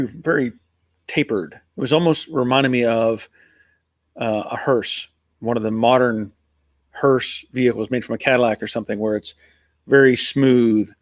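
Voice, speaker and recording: A man's voice: medium pitch, dry recording. Easygoing American man, dry sound. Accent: American, between Northern and Southern US. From Pennsylvania, USA. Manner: rambling, easygoing, chuckling. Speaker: live stream host. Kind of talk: casual live chat reading viewer comments.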